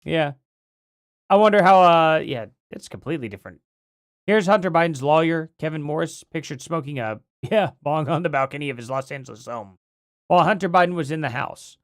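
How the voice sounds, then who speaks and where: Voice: mid-range voice, fairly quick, no echo, clean studio sound. A livestream host rambling casually through commentary, thinking aloud, with a voice that is starting to go.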